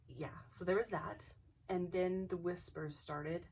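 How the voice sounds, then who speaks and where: A woman's voice: on the low side, fairly even intonation, a little slow, darkish tone, slightly rough, distant mic. A young woman casually telling a ghost story, hesitant, with many restarts and dips into near-whispers.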